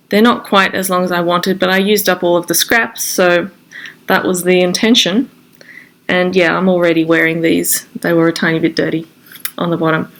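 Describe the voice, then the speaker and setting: Congested woman chatting about knitting. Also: on the low side. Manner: chatty, showing her knitting to camera. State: congested from a cold. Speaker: knitting podcast host. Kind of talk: casual chat.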